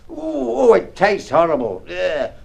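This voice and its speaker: A chirpy dad. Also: male voice, high-pitched, wildly swooping pitch, unhurried, creaky, husky, exaggerated voice. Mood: flustered. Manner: chirpy, jokey, brushes questions off. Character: cheerful working-class family father, evasive. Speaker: father. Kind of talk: 1950s radio acting.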